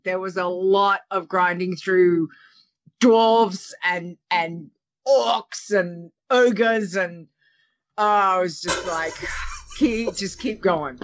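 A woman's voice: a little high, fairly bright tone. A woman in a casual podcast chat, rambling and chatty, restarting her sentences and adding asides. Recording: dull lo-fi audio.

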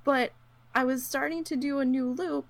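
Woman chatting about games, gravelly fry in her voice, acts out what people said, lots of ums. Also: high voice, moderate pace, dry recording. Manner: animated storyteller who acts out quotes; frequent fillers and laughs. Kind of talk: casual chat about gaming.

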